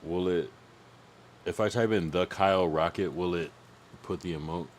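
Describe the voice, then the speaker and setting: A young man on a livestream, chatting loosely and cursing freely as he rambles. His voice sits very low. A soft hum of room ambience runs underneath. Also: moderate pace. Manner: rambling, profane, thinks aloud about music. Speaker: streamer. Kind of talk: casual livestream chat.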